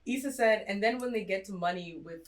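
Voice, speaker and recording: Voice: medium pitch, fairly quick. A co-host chatting casually, agreeing and reading out viewer comments. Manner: agreeable backchanneling. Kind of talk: casual chat.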